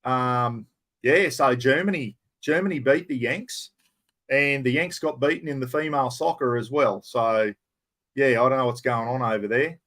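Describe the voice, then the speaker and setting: A man's voice: mid-range voice, normal speed, fairly bright tone. An Australian man hosting a casual livestream chat, rambling and blunt, often calling his viewers mate. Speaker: livestream host.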